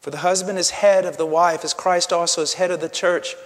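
Male pastor, sermon, impassioned, hushed to shouting, high voice, long hall reverb. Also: fairly even intonation, a little fast.

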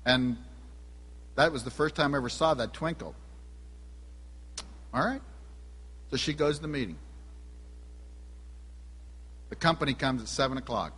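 A man's voice: medium pitch, normal speed, pauses often, fairly bright tone, breathy edge. A man preaching a sermon, telling a personal story and putting questions to the congregation. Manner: asks the audience questions. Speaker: pastor. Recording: long hall reverb.

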